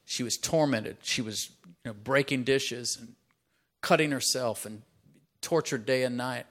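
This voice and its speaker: A man preaching a sermon, telling stories and acting out his characters in a raised voice, building to loud, emphatic peaks. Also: measured pace. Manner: acts out quoted characters in a higher voice. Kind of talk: sermon with storytelling.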